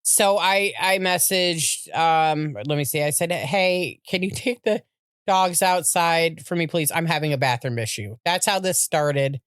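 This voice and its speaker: A middle-aged woman, a podcast co-host, telling a personal story in a halting, heartfelt way with many restarts. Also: low voice, smooth, no room sound, clean studio sound.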